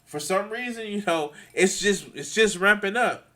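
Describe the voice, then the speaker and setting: A man ranting angrily to his viewers, swearing a lot, stumbling over restarts and swinging between quiet and loud. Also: sits high. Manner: profane, halting, many restarts. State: angry and frustrated. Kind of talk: angry unscripted rant.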